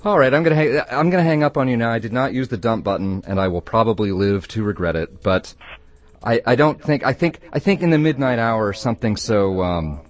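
A man's voice: mid-range voice, brisk, soft background music. A man hosting a late-night call-in radio show, joking with callers and laughing often. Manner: playful, laughs often, animated.

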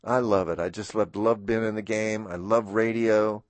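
A man's voice: on the low side, steady tone, moderate pace, dry recording. A man hosting a radio show, talking in a rambling, heartfelt farewell monologue at a studio microphone. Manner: rambling, heartfelt, self-interrupting. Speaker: radio host.

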